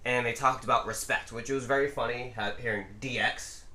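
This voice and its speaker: A man's voice: medium pitch, steady tone, a little fast, sharp tone, roomy sound. A man co-hosting a casual wrestling podcast, teasing and giggling as he rambles through a recap. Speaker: podcast co-host.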